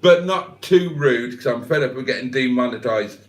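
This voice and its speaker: A man's voice: medium pitch, expressive, moderate pace, roomy sound. An older man hosting a livestream, reading out viewers' comments with jokey, self-deprecating banter. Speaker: livestream host. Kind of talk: casual live chat, reading out comments.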